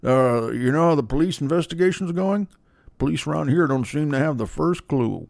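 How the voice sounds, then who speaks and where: A man doing an impression of a creepy, soft-spoken male film killer, quiet and offhand. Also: on the high side, lively intonation, moderate pace, vocal fry, dry recording, clean studio sound.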